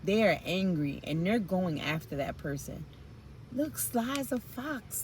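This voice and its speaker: A woman's voice: on the low side, very animated, measured pace, a little hiss or hum, rough recording. A woman giving a casual tarot reading, chatty and blunt, with frank slang and the odd swear. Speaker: tarot reader.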